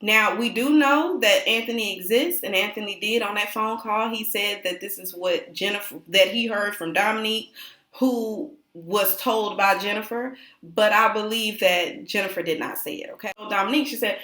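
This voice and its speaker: A woman's voice: medium pitch, moderate pace, bright, forceful tone. A woman hosting a casual recap vlog, chatty and opinionated as she retells scenes. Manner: chatty, opinionated, jumps into quoted voices. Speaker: reality TV recap host. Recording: roomy echo.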